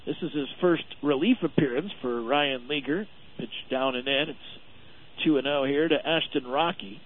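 A man's voice: mid-range voice, normal speed, slight background noise. Man calling baseball on narrow radio. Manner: steady, informative, stat-heavy. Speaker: radio play-by-play announcer. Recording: narrow phone-like radio audio.

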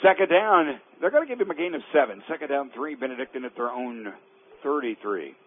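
Heard through a tinny phone-line radio broadcast, a man with a slightly rough, mid-range voice and lively intonation calls college football play-by-play live from the press box. Big plays make him rise sharply, slow down, and draw out his words.

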